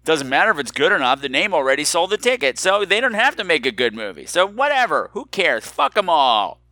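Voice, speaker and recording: A man hosts his podcast in a bright, forceful voice. He is campy, flirty and self-mocking as he riffs and reads listener emails. The recording is dry and close, with no room sound. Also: a little high, big pitch swings, fast, no echo. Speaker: podcast host. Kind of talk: casual solo podcast chat.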